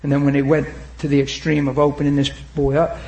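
A man preaching an impassioned sermon, shouting at times and then dropping to a hushed retelling, urging the crowd on. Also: fairly high pitch, monotone, quick pace, reverberant. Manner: urges the crowd with repeated calls of "come on".

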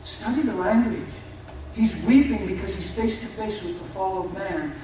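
A man preaching a fervent sermon, swinging from shouts to hushed intensity and speaking folksily to his listeners. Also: high-pitched, moderate pace. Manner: folksy, addresses listeners as "brother". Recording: echoey hall, mic far off, faint noise.

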